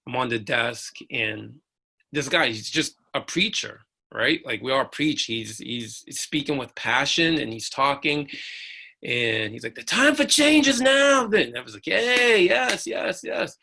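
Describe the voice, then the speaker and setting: A man speaks with a gravelly, rough-edged voice and a bright, forceful tone. He tells his own story earnestly and with animation, slipping into the voices of the people in it. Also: mid-range voice. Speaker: preacher and uniformed officer. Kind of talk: personal storytelling in a panel discussion.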